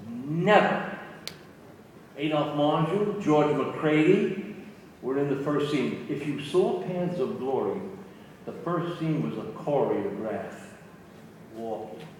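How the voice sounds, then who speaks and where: An older man tells a story to a convention crowd, animated and given to repeating himself. His voice sits at an ordinary male pitch. It reaches the mic from a distance and rings through a large, reverberant hall with faint noise underneath. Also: takes it slowly, long pauses. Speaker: guest actor at fan convention. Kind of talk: storytelling Q&A anecdote. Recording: echoey hall from far off.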